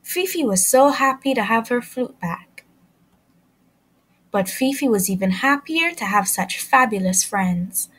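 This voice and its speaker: Slow, sing-song woman reading to children. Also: a little high, lively intonation, a bit bright, breathy edge. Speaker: children's story reader and channel host. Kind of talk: reading a picture book aloud to kids.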